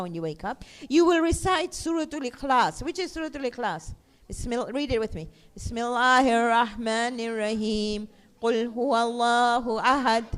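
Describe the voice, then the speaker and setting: High-pitched woman teaching young children. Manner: animated, asks the children questions and answers them herself. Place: mosque classroom.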